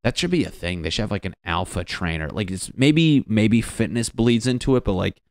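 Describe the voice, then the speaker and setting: A man from Connecticut rambles through a solo comedy podcast with a deep, low voice. He swears freely and mocks himself as he riffs. The sound is dry and close. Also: animated, brisk, no echo. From Connecticut, USA. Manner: profane, self-mocking, riffing. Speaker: podcast host.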